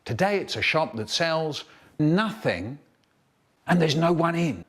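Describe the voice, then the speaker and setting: A man's voice: fairly high pitch, a little slow. A man telling comic childhood stories, acting out the voices of the people in them. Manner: animated, mimicking other voices. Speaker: storyteller. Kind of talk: comic storytelling, remixed.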